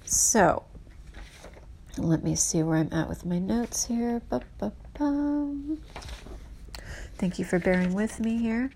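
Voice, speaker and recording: Woman, casual history narration, slow pace, earnest and emphatic, halting restarts. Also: on the low side, a little mellow, a little hiss or hum.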